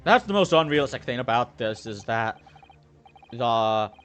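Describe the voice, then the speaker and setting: A man's voice: medium pitch, animated, unhurried, a bit bright, faint music behind. A man commentating casually on a game he is playing, joking and swearing. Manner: joking, profane. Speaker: let's play commentator.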